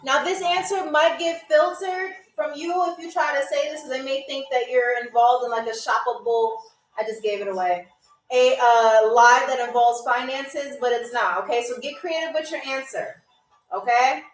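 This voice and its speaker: A woman hosting a live trivia game show, chatting playfully with commenters and spelling out foreign phrases slowly. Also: high-pitched, far from the mic. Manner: playful, teasing chat with commenters. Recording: echoey room, away from the mic, faint music.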